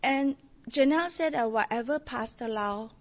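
A woman giving a testimony, telling her story with animated quotes. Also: on the high side, moderate pace, lo-fi sound. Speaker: church member giving testimony.

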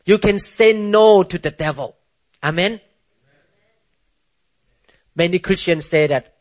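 High-voiced man preaching emphatically. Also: slow pace, long pauses, dull audio. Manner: emphatic, spells words letter by letter, asks rhetorical questions. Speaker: pastor. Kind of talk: sermon.

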